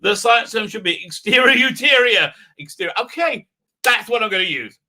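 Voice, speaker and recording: A man's voice: high voice, expressive, normal speed, pushed and bright. A man hosting a live stream, rambling with many fillers and restarts while he reads out viewer comments and fiddles with his mic. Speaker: livestream host. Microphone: desk mic with unsteady level.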